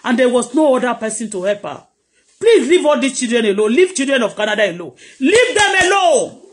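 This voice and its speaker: A woman's voice: fairly high pitch, expressive, fast, a little mellow. A middle-aged Nigerian woman vlogger, delivering a heated, preachy live-streamed rant that scolds her critics.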